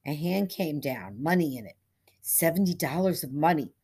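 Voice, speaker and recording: A woman narrating a short story in a measured, steady storytelling manner. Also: low-pitched, slightly rough.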